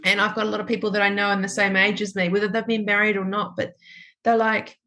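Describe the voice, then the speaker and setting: A woman's voice: medium pitch, little pitch movement, fast, pushed and bright. A woman in her forties hosting a podcast, speaking reflectively and affirming her guest as she thinks aloud. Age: 40s. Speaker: podcast host. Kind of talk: conversational interview.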